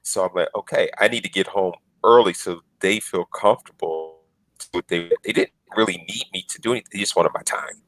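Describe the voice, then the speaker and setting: A man's voice: sits low, fairly quick, fairly bright tone, rough recording. A man in his forties on a podcast panel, telling earnest stories and acting out the lines he quotes. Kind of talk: casual panel discussion.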